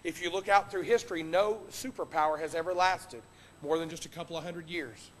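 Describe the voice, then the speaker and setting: A man preaching a sermon from the pulpit, impassioned, swinging between loud exhortation and hushed earnest tones. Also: on the high side, fairly quick, a little hiss or hum. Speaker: pastor. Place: church sanctuary. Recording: long reverb of a church hall.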